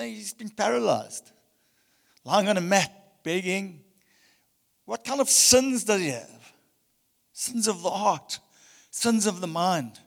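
A male pastor preaching a passionate sermon, swinging between loud emphasis and hushed tones. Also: on the high side, vocal fry, big-room sound. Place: church hall.

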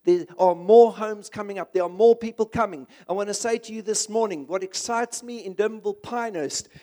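A man's voice: high voice, brisk, mellow. A man, preaching a sermon in an impassioned, conversational way with emphatic repetition.

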